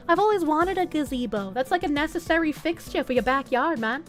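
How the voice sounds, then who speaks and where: A woman VTuber streamer chats casually with her live audience, thanking donors in a bright, high voice. Her tone leaps up and down playfully, full of cutesy baby talk. Every so often she drops in a dry, sarcastic aside. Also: expressive, fairly quick, few pauses, soft background music.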